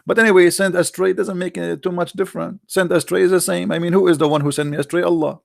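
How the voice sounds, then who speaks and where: A man hosting sarcastic religious commentary, mocking and repetitive, in halting non-native English. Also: sits high, flat delivery, gravelly, no echo, clean studio sound. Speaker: religious debate host.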